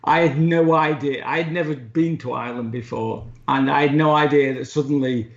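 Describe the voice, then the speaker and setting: Gravelly-voiced man telling a story. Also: mid-range voice, steady tone, a little fast. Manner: laughing, swearing storyteller. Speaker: podcast co-host. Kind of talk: casual anecdote telling. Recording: roomy, dull-sounding recording.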